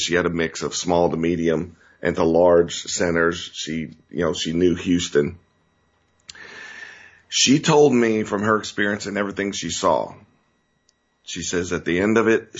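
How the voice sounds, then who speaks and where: A man's voice: low voice, breathy edge, lo-fi sound. A man hosting a political talk show, talking earnestly in a rambling way that turns emotional. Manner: earnest, rambling, restarts and gets choked up. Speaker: show host.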